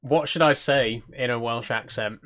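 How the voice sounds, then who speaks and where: A man's voice: medium pitch, normal speed, fairly bright tone. A man hosting a channel, giving casual gameplay commentary in an easygoing, self-conscious way and chatting with viewers. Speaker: channel host.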